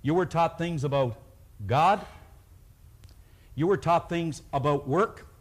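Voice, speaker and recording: A man with a notably high voice speaks to a live room as a motivational seminar speaker. He tells stories and has the audience repeat words back to him. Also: takes it slowly. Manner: storytelling, leads the audience in call-and-response.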